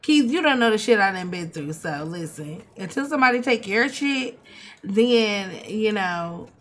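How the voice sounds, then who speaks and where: A young woman, giving animated, swearing, mock-outraged commentary as she plays a life-sim game. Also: medium pitch, measured pace, slight background noise. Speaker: gaming streamer. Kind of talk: casual gameplay commentary.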